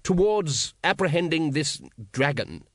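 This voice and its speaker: A man voicing a dry, calculating older male ruler who speaks in measured, sardonic questions in an audiobook. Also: mid-range voice, big pitch swings, no room sound. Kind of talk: audiobook character voice.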